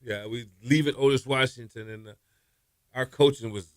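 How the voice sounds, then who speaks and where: A man, a former quarterback, telling stories in a radio interview, relaxed and trailing off softly. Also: medium pitch, normal speed, dry recording, clean studio sound. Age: 50s. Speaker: former college quarterback guest. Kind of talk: interview storytelling. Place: radio studio.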